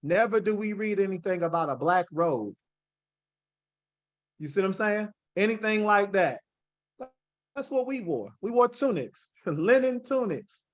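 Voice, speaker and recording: A man's voice: high-pitched, animated. A man teaching a Bible study class. He reads scripture aloud and works through Hebrew word roots, checking in with "right?" as he goes. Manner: spells out Hebrew words slowly. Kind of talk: classroom Bible lesson with slides.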